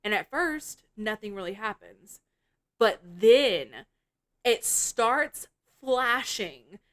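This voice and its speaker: Woman podcast co-host, bright and clear, blunt and profane, animated scene recaps. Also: on the high side, extremely slow. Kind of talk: casual film review chat.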